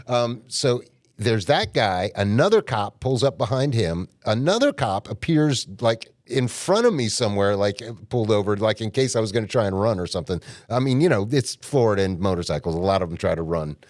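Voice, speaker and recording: A man's voice: lowish voice, lively intonation, brisk, darkish tone, no echo. Man, casual podcast storyteller, rambling and a bit profane, dry close mic. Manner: rambling, colloquial, mildly profane. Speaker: podcast guest or host.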